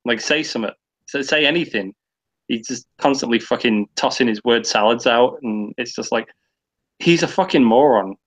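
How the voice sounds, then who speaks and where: A man with a medium-pitched voice speaks at a normal speed, though the audio quality is poor. He's a guest on a casual online stream, ranting at length and packing his talk with swearing and filler words.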